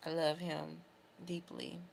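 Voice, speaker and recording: A woman's voice: low-pitched, little pitch movement, takes it slowly, gravelly, a little mellow, a little hiss or hum. A young adult woman vlogging casually to camera, talking in an emotional, heartfelt, rambling way. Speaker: beauty vlogger.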